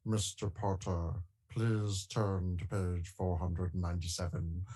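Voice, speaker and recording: A man putting on a slow, low, drawn-out voice as a stern male schoolteacher, an impression of a famous actor's role. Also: flat delivery, mellow. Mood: menacing.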